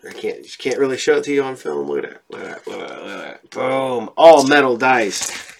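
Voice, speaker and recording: A presenter giving a loose, excited promo while opening products, repeating phrases. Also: mid-range voice, fairly quick, gravelly, slight background noise. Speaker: sponsor segment presenter. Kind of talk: casual promo unboxing.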